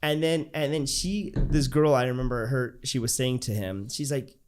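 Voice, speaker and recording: Animated man telling a funny story. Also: mid-range voice, normal speed. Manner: animated, acts out voices, lots of fillers. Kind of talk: casual storytelling on a podcast.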